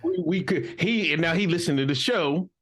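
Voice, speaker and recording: A middle-aged man co-hosting a comedic podcast, teasing his co-host with mock accusations in lively banter. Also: on the high side, moderate pace.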